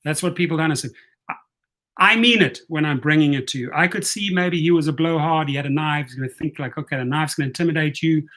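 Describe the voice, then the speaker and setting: A man's voice: fairly high pitch, quick pace, pushed and bright. A man telling a story in a casual vlog, blunt, profane and fired up. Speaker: rideshare vlogger.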